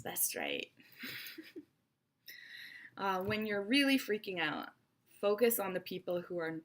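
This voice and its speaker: Woman teaching english online, playful and expressive, mid pitch, talks to the camera like her students are there. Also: takes it slowly, pauses often. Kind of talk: online lesson talk.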